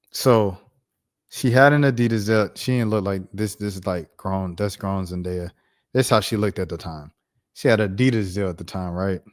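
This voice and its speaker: A man around thirty telling a personal story on his vlog in a casual, slangy, animated way. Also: fairly low pitch. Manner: animated, slangy, acts out voices. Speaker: YouTuber.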